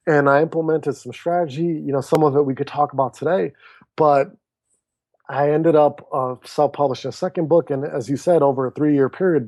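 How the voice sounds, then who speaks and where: On a casual podcast interview, a guest in his thirties who works as an author and speaker narrates his story, lively and animated, voicing the other people in it. His voice sits on the high side, and there's no echo.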